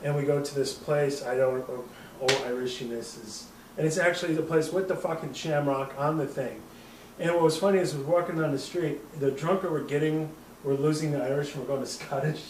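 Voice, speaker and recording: A man's voice: fairly high pitch, steady tone, a little fast, noisy background. A man in his thirties from the American Midwest, hosting a podcast and telling a long, rambling, profane story with frequent laughs. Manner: rambling, profane, laughs often, puts on quoted voices. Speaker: podcast host. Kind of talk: casual storytelling. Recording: echoey room, mic at a distance.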